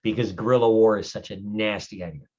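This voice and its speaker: A man playing a gruff, grumpy older male changeling lord who speaks bluntly and swears in halting explanations. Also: on the low side, steady tone, a little mellow, dull audio, natural voice. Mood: grave.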